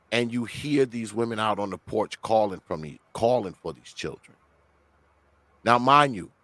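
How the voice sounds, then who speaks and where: A man who is a guest on a podcast, telling a story in an animated, heavily profane way. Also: on the low side, no echo.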